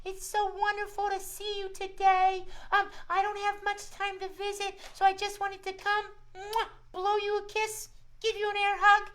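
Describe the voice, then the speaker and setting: A man's voice: completely flat delivery, moderate pace, bright, forceful tone. A man voicing a sweet, friendly female cat puppet who meows between words on a children's show. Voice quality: high squeaky cat voice, meowing.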